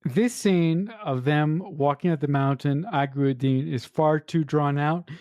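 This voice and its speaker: A woman's voice: deep voice, unhurried, darkish tone, no echo, studio quality. A woman co-hosting a podcast, giving blunt, casual opinions about a film and swearing freely. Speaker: podcast co-host. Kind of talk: casual film review chat.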